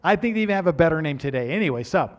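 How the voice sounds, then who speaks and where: An older man preaches with a slightly raised pitch. He tells his story in an animated way and often restarts his words. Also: racing. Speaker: pastor. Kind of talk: storytelling sermon.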